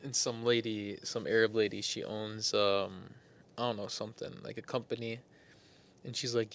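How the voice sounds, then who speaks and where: A man's voice: on the low side, little pitch movement, normal speed, a bit bright. A young man co-hosting a casual podcast, rambling and trailing off with many fillers. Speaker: podcast co-host. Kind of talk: casual chat.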